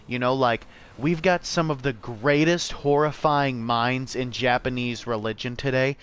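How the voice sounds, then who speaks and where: Playing a game, a young male streamer keeps up casual, cuss-filled chatter, addressing viewers as "man" and "bro." His voice is mid-pitched, smooth, and a touch bright.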